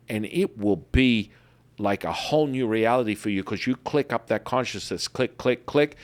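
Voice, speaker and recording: Man, lowish voice, podcast host, emphatic and repetitive, animated storyteller. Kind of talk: enthusiastic promotional talk.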